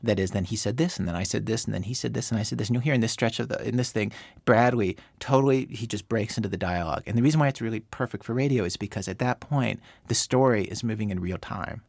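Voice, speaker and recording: A man's voice: lowish voice, fast, vocal fry, hardly any pauses, a little mellow, dry recording, studio quality. A man who works as a radio producer, explaining storytelling craft in a chatty way, full of fillers and repeats. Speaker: radio producer, interview guest.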